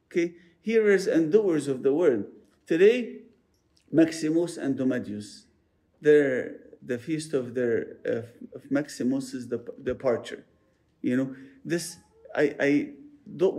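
A male priest giving a sermon, his voice slightly high but mellow and warm. He tells saints' stories with animated asides and frequent restarts, leaning into the congregation. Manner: storytelling, animated, repeats words.

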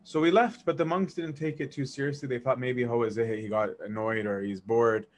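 A man casually telling a personal story, animated, acting out dialogue and laughing as he goes. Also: medium pitch, normal speed. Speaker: storyteller recounting memories of a monk.

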